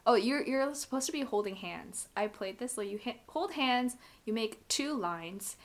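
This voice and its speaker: A woman's voice: on the high side, lively intonation, moderate pace. A woman co-hosting a casual chat, talking loosely with lots of fillers and frequent laughter. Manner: chatty, lots of "like", laughs often. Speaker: podcast co-host recapping a drama.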